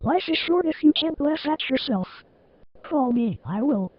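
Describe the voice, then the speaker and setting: Text-to-speech woman as a cartoon sign announcer; high, slow, dull lo-fi computer voice. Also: animated, no room sound. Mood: droll.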